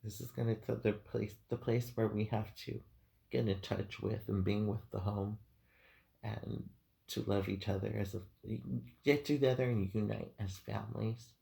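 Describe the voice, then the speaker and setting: A man's voice: lowish voice, fairly even intonation, moderate pace, gravelly, mellow. A man giving an unscripted tarot reading, hesitant and full of ums, heartfelt and teary-eyed. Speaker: tarot reader.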